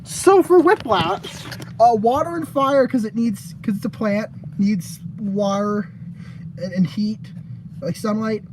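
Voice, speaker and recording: A young woman casually reads her fan-game designs to a friend, giggling, stumbling and poking fun at her own ideas. Her mid-range voice is slow, and there's noise in the background.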